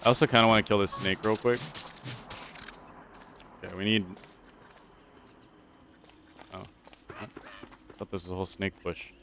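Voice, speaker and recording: Goofy low-voiced young man narrating gameplay. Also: steady tone, normal speed, pauses often, fairly bright tone, slight background noise. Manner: goofy, rambling, talks to his viewers. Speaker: gaming channel host. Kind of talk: let's-play commentary.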